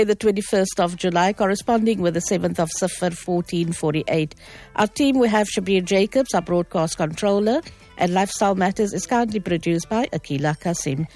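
A woman's voice: fairly low pitch, normal speed, darkish tone, faint music behind. A South African woman hosting a radio talk show, friendly and chatty, presenting from the studio microphone. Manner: friendly, chatty, greets in several languages.

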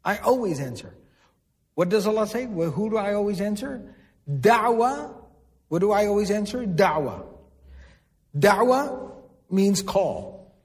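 High-voiced man preaching in a hall. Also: big pitch swings, measured pace, pauses often, darkish tone. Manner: explains and repeats words for emphasis, asks the audience questions. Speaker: Islamic preacher. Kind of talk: sermon. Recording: long hall reverb.

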